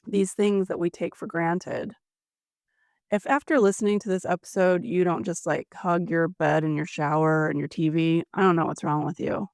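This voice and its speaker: A woman's voice: on the low side, fairly even intonation, moderate pace, a little mellow, no echo, clean studio sound. A woman co-hosting a podcast, chatting and recapping a story with sympathy. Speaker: podcast co-host. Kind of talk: casual chat.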